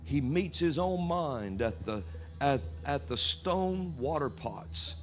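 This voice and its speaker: A man preaching a sermon at a church service, reading scripture aloud with animated delivery. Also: fairly high pitch, slow.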